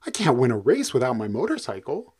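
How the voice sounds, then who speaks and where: A man voicing an eager male hippo who races motorcycles, speaking in excited, polite, fretful exclamations. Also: medium pitch, a little fast, slightly rough. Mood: worried.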